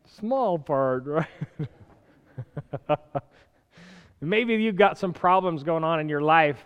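A man preaching a sermon in an animated way, swinging from loud, urgent bursts to quiet asides, with the odd chuckle. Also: fairly high pitch, drawn-out words, pauses often, clear, resonant tone, big-room sound, muffled recording.

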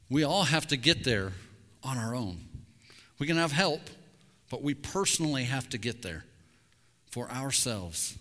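Bright-voiced man preaching in a reverberant sanctuary. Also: medium pitch, big pitch swings, unhurried, pauses often. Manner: candid, intense preaching with confessional asides, dropping to a hush on key words. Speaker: pastor. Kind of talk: sermon. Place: church sanctuary. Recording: long hall reverb.

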